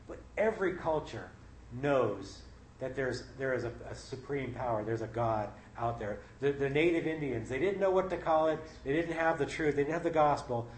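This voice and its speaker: A man's voice: medium pitch, slight background noise. Folksy man preaching in a roomy hall. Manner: conversational, folksy, reads scripture aloud. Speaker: Bible study leader. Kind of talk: informal sermon. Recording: roomy with faint ambience.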